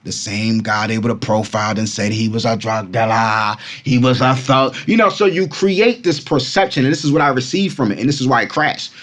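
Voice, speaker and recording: Animated Brooklyn man ranting to fans. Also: medium pitch, a little fast, few pauses. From Brooklyn, New York. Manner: animated, repetitive, keeps addressing fans as Kumas. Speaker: crypto channel host. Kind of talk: casual opinion vlog.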